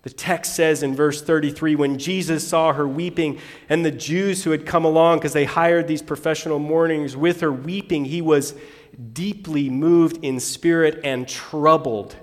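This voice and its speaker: Preaching man, swinging from loud to hushed. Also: on the high side, steady tone, a little slow, big-room sound. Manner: dramatic preaching, reads scripture aloud with sudden loud and soft swings. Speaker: pastor. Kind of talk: sermon.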